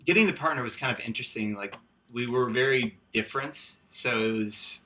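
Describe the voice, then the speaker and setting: A man's voice: mid-range voice, a little fast, pushed and bright. A young man in his twenties, a student director speaking in an easygoing, reflective documentary interview. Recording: distant mic with music underneath.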